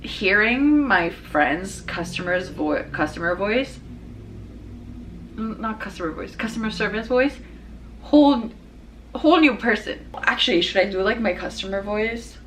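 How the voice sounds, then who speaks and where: A young woman hosting her own show, chatting casually in a rambling way, full of fillers and restarts and quick to laugh. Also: medium pitch, lively intonation, a bit bright, a little hiss or hum, rough recording. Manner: laughs easily. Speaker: podcast host. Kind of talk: casual personal chat.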